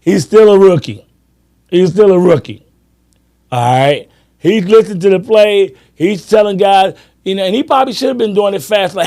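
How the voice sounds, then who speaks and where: Brief: male podcast host, casual sports chat, animated storyteller, slightly high pitch. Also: moderate pace. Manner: animated storyteller, acts out friends' lines, laughs often.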